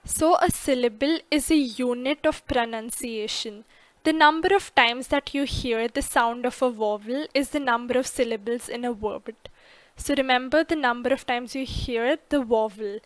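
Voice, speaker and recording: A woman narrating an English grammar lesson, slow and careful, stressing each example word clearly. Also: on the high side, dry recording.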